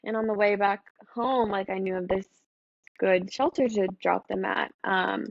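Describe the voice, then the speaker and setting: A woman chatting casually as a podcast co-host. She pauses and restarts as she pulls her thoughts together. Her voice sits dry and close on a slightly muffled mic. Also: medium pitch, steady tone, creaky, no echo. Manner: halting, gathers thoughts mid-sentence. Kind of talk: casual chat among friends.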